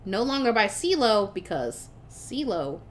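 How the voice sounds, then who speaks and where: A woman's voice: mid-range voice, a little slow, a little hiss or hum. A young adult woman co-hosting a podcast, casually recapping a movie plot with lots of swearing and laughter. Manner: animated, swears freely, laughs while retelling. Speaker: podcast co-host.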